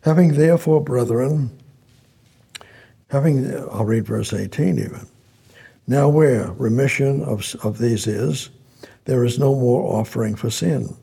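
A man's voice: medium pitch, unhurried, creaky, warm tone, slightly rough. A man preaching a sermon, reading scripture aloud and repeating his phrases as he explains them.

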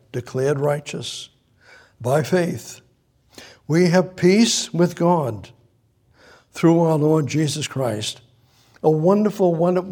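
A man with a gravelly, husky voice, pitched a little high, preaching a sermon. He halts and restarts often and leans on rhetorical questions to drive his point home. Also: darkish tone. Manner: halting, repeats himself, rhetorical questions.

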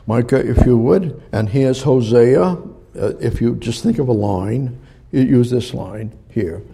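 An older man preaching a sermon as pastor, with a gravelly voice, acting out crowd quotes. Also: mid-range voice, dark tone.

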